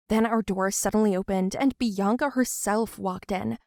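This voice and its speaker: A woman narrating a first-person animated story in an earnest, emotional way. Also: mid-range voice, moderate pace, hardly any pauses, no echo, clean studio sound.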